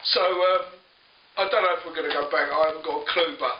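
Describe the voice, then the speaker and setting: A man's voice: on the high side, a little fast, distant mic, a little hiss or hum. Chatty man in a roomy, dull recording. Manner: chatty, animated, laughs often and acts out both sides of a conversation. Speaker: vlogger telling a story. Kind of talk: casual storytelling to camera.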